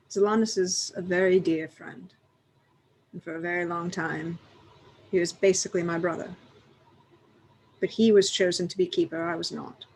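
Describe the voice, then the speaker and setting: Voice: mid-range voice, slight background noise, natural voice, low-quality recording. A tabletop player voicing a stern elven hunter in character, speaking formally and bluntly. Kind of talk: in-character tabletop role-play.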